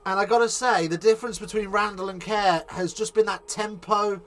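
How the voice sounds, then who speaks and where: Fan commentator, male, English, high voice, shouts on big plays, chatty in lulls. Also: brisk, soft background music. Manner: excitable, rising to shouts on attacks; casual chat reading live chat between plays. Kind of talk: live watch-along commentary.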